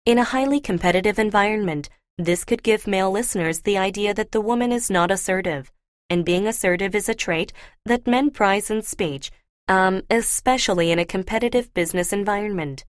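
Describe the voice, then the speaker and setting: Female lecturer, mid-pitched, measured scripted delivery, dry studio sound. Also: no echo. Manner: clear, measured explaining. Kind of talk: scripted lecture for a listening test.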